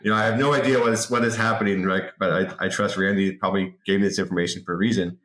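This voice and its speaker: A man in his forties telling an anecdote as a podcast guest in a lively, casual way, often repeating words. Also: on the low side, racing. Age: 40s. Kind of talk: casual interview storytelling. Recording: roomy echo.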